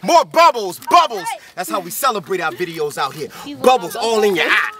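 A man's voice: high-pitched, expressive, a little fast, crowd noise. A man who raps and sings, joking around in slangy, rhyming banter on a music video set. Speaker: rapper and singer. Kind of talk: playful behind-the-scenes banter. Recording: roomy sound from a distant camera mic with music.

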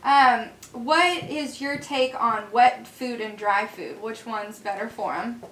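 A woman's voice: on the high side, slow, fairly bright tone. Hesitant woman, echoey and distant. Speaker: guest trying dog training. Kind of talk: casual chat.

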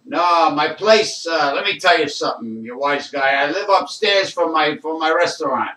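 A man voicing a brash Italian-American male chef from New Jersey, with gruff wise-guy bluster and a Jersey Italian-American accent. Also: on the high side, animated, normal speed, bright, forceful tone. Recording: echoey room, voice far from mic.

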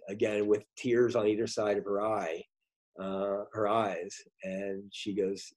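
Slow, mellow-voiced man on a video call. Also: on the low side, flat delivery. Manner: halting, many ums and restarts. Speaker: guest speaker. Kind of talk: storytelling talk in a virtual meeting.

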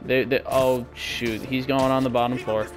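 Over music, a young man gives laid-back commentary on his own gameplay, drifting from thought to thought, poking fun at himself and yelping goofily out of nowhere. His voice is mid-range and level in tone, at a normal pace.

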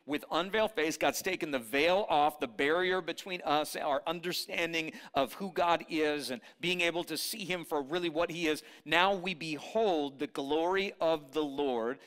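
A man preaching a sermon at a church service, energetic, calling on the congregation to repeat and shout after him, with playful teasing asides. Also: on the high side. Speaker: pastor.

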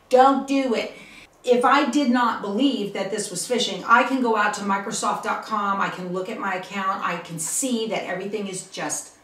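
A woman's voice: mid-range voice, normal speed, a bit bright, recorded from a distance. Chatty woman teaching, echoey room. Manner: chatty, emphatic, checks in with "okay?" and "all right?". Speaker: channel host teaching online safety. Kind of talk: casual tutorial. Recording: roomy, from the mic.

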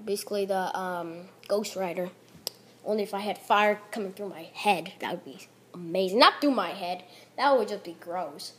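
A woman commentating a video game she is playing, excitable, full of exclamations and trash talk. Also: mid-range voice, moderate pace. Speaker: gaming commentator. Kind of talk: gameplay commentary.

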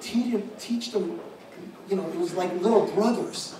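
A man's voice: sits high, normal speed, mellow. A man, a father, giving a rambling tribute speech to an audience, with frequent restarts and repeated words. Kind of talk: public speech at an event. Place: large echoey room with an audience. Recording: echoey hall audio from a distant mic with background noise.

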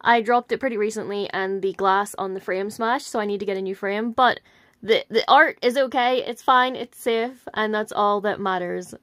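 Bright, gushing young woman collector. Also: mid-range voice, normal speed, dry recording, studio quality. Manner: gushing, enthusiastic, many ums and repeated words. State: slightly out of breath. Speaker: vlogger showing her collection. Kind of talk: casual show-and-tell vlog.

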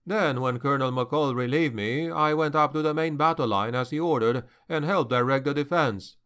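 A man's voice: mid-range voice, moderate pace, fairly bright tone, clear, resonant tone, close to an everyday voice. A man voicing a modest male mercenary captain, matter-of-fact in his account.

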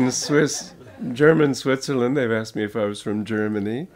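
A man's voice: medium pitch, a crowd in the background. An older American man, a spiritual teacher, giving an informal talk to an audience, telling stories and laughing often as he goes. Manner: slow, chuckling storyteller.

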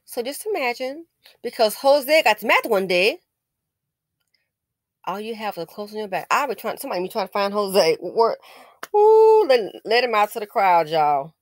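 Woman commentator, lively swooping delivery, indignant and scolding, dry close sound. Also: medium pitch, normal speed, no echo. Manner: indignant, scolding, with sarcastic exclamations. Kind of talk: casual news commentary.

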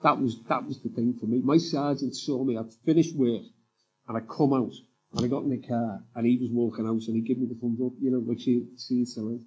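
A man's voice: mid-range voice, steady tone, brisk, darkish tone, breathy edge, lo-fi sound. A man, a writer and former police officer, speaking as a guest in a live on-stage interview, telling candid, rambling stories full of "you know"s. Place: live summit stage before an audience.

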